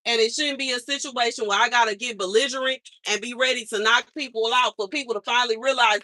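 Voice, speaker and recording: A woman's voice: fairly high pitch, fairly even intonation, quick pace, hardly any pauses, bright, forceful tone, dry recording. A woman vlogger venting in an exasperated monologue, repeating herself for emphasis. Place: outside her mother's house.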